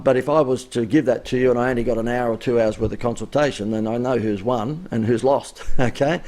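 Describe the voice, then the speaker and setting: A man's voice: medium pitch, gravelly, darkish tone. A man giving a chatty, emphatic live-streamed business coaching talk, his voice wearing out. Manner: chatty, emphatic, rising inflection.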